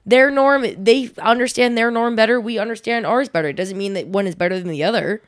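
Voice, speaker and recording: A woman's voice: fairly high pitch, a little fast, no echo. Young woman, podcast co-host, teasing, laid-back, dry close sound. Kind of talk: casual chat.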